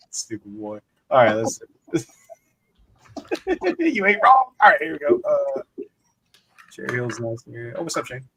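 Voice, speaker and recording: Casual male host, laughs a lot, lots of "dude" and "like", mid pitch. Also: sing-song, slow pace, long pauses, noisy background. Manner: laughing often, peppers talk with 'dude' and 'like'. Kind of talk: casual chat.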